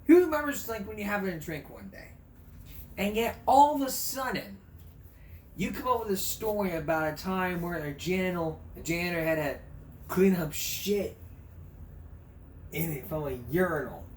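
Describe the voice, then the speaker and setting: Crude, joking man with a high voice. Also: normal speed, slight background noise. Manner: rambling, crude, laughs at his own jokes. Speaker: vlog host. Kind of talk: casual comic vlog chat. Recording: echoey room.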